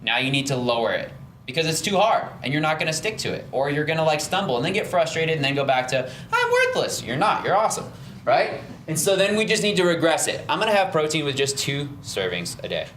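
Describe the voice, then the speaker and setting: A man's voice: a little high, big pitch swings, fast talker, fairly bright tone, echoey room, slight background noise. A man leading a nutrition seminar as a fitness trainer, casual and encouraging, often checking in with "right?" and "okay?". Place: fitness studio seminar room.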